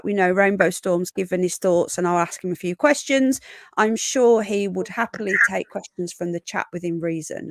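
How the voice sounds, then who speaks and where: A woman's voice: medium pitch, no room sound. A woman hosting a casual live stream, chatty and affectionate as she greets viewers one by one.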